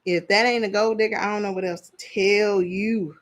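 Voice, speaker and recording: A woman's voice: mid-range voice, steady tone, normal speed. Woman, casual reality TV recap, blunt, chatty, laughs a lot. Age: adult parent. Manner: chatty, blunt, laughs often, trails off searching for names. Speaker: reality TV reviewer. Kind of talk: casual commentary.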